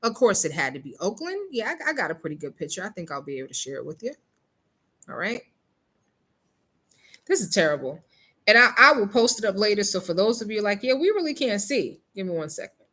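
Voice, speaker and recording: Emphatic woman with a lively voice. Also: mid-range voice, brisk, long pauses. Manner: emphatic, rhetorical questions, frequent "okay?" check-ins. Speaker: show host. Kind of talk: casual commentary on news stories.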